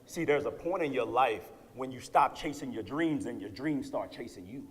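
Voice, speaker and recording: A man in his thirties giving an energetic motivational keynote to students, often checking in with "right?". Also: medium pitch, normal speed, background noise. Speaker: keynote speaker. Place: lecture hall with audience. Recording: long hall reverb.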